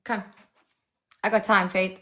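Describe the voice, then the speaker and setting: A woman's voice: mid-range voice, little pitch movement, slow, pushed and bright. A woman from South Africa with a South African accent, hosting a live stream, talking to callers in a sassy, taunting way. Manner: sassy, taunting, switching voices. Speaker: livestream host.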